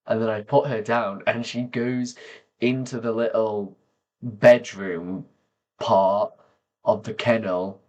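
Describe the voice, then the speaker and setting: A man talking slowly and softly to camera, pausing often as he reflects on personal memories. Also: lowish voice. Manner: slow, soft-spoken, pausing often. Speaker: vlogger.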